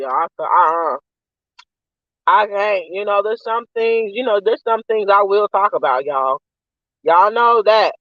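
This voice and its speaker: High-voiced man ranting on a stream. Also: dry recording, lo-fi sound. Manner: profane, ranting and venting. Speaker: live-stream host. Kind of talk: casual rambling live-stream chat while eating.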